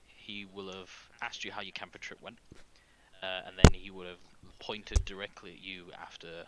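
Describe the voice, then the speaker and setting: A man's voice: low voice, little pitch movement, moderate pace, heavy background noise. A man playing a tabletop game in casual voice chat, teasing and joking. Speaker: player.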